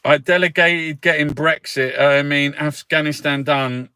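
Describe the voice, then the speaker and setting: A man's voice: a little high, steady tone, measured pace, bright, forceful tone, clean tone, no room sound. A man reviewing the news in a casual, sarcastic rant, swearing and laughing often. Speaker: political commentator reviewing newspapers. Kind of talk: casual ranting newspaper review.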